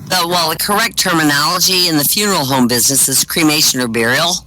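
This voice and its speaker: A man doing stand-up, telling one-liners and short jokes with deadpan punchlines over voice chat. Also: on the high side, fast, a loud crowd, poor audio. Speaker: stand-up comic. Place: virtual-world comedy venue, voice chat.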